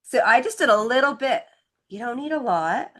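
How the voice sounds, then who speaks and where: A woman's voice: fairly high pitch, animated, moderate pace, fairly bright tone. A woman leading a live online painting class, talking through each step in a chatty, encouraging way as she demonstrates. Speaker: painting instructor.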